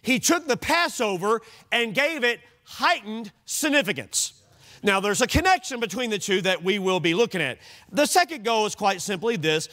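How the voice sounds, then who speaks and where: A male pastor preaching an evening sermon in a church, animated and conversational, asking the congregation questions. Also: sits high. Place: church sanctuary.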